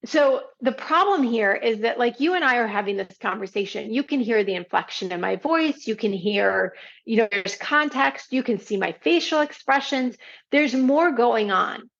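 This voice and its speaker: Woman, podcast host, gravelly voice, conversational teaching, dull lo-fi sound. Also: fairly high pitch. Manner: explains step by step with frequent "right?" asides. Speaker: podcast host and parenting coach.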